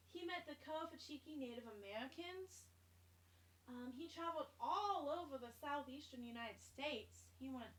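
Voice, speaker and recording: A young woman teaches a class, talking students through a task in a friendly, chatty way. She explains each step plainly. Her voice is high. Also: a bit bright, slight background noise. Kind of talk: classroom instruction.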